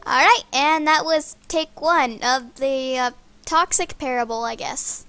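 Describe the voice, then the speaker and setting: Bright, high-voiced woman narrating gameplay. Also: unhurried. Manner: bossy, easily sidetracked, breaks off to scold. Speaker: narrator and player. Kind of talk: improvised story narration over gameplay.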